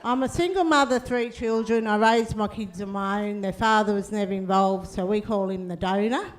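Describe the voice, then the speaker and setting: A woman's voice: medium pitch, normal speed. Cheeky woman comic. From Australia. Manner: laid-back, cheeky, tags lines with "eh?". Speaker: comedian. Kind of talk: stand-up storytelling.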